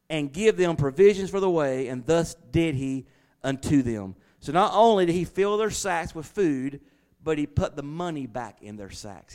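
A man preaching a sermon to his congregation, swinging from loud emphatic lines to quiet, hushed asides. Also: on the high side. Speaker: pastor.

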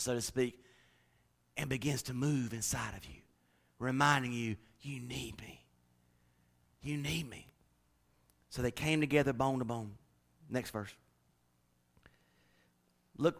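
A man preaching a sermon to his church, swinging from hushed, intimate lines up to loud, rousing declarations. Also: mid-range voice. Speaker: pastor.

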